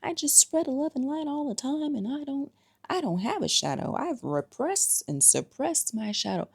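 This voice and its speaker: Woman doing a high airy love-and-light lady, all sugar, totally oblivious. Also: animated, moderate pace, creaky. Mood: mocking, gushing.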